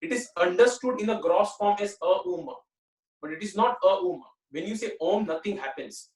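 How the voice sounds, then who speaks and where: A man's voice: sits high, moderate pace, darkish tone. A man giving an earnest spiritual talk, often repeating himself and saying "you know". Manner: earnest, repetitive, many "you know" fillers. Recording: roomy echo, mic at a distance.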